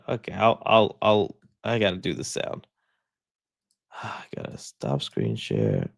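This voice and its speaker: A man's voice: fairly low pitch, vocal fry, dry recording, clean studio sound. A young man hosting a live stream, chatting casually, joking and laughing often as he rambles.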